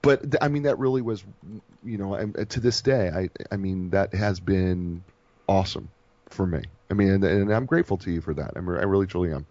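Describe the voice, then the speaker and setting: A man's voice: deep voice, brisk, dark tone, no echo, dull audio. A man co-hosting a radio show in casual chat, rambling and effusive, often stumbling and repeating his words. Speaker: radio co-host.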